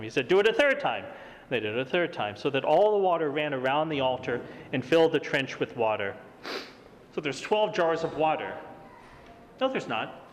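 A middle-aged man preaching a sermon, reading scripture and acting out the quotes in a lively, high voice. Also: a little hiss or hum. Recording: long hall reverb.

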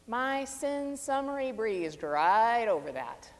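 A woman preaching a reflective sermon, measured and stressing key phrases. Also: on the high side, sing-song. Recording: long reverb of a large hall.

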